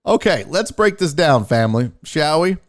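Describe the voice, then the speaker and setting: A man with a fairly high voice hosts a sports show and breaks down a clip. His talk is chatty and profane, with pitch that jumps all over. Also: big pitch swings, normal speed, a faint crowd. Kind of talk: casual video breakdown commentary.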